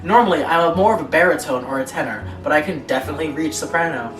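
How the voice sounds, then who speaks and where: Deep-voiced and fast-talking, a young woman co-hosts a laid-back chat and reads online stories out loud, giggling and tossing in laughing asides. The sound is echoey, with her distant from the microphone and music in the background.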